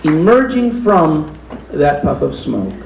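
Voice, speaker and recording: A man's voice: on the high side, big pitch swings, slow pace, creaky, slight background noise. A young man performing a stand-up comedy magic act, with playful, dry asides to the crowd. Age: young adult. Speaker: comic magician. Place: comedy club stage. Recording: echoey club recording with loud audience.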